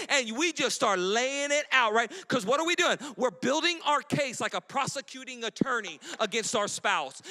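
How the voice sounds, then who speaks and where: A man delivers a lively sermon in an unusually high voice, now and then acting out a shrill quarrel. His tone is bright and ringing. The sound carries the long reverb of a church hall. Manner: animated preaching, mimics quarrels in a shrill voice. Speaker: pastor.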